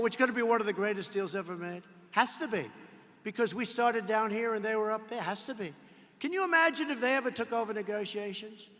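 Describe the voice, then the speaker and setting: A man giving a boastful, repetitive rally speech full of mocking asides and sudden bursts of shouting. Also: high voice, quick pace. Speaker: politician addressing a campaign rally. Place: large indoor arena rally. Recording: long arena reverb.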